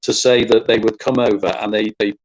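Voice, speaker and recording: A man from the UK, a guest on a chat show, explaining things at length with halting restarts. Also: lowish voice, level tone, low-quality recording. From United Kingdom. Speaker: guest co-host. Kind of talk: casual chat.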